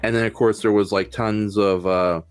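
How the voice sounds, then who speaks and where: A man's voice: fairly low pitch, fairly even intonation, normal speed, clear, resonant tone. A man hosting a casual film podcast, rambling with many fillers and restarts. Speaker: podcast host.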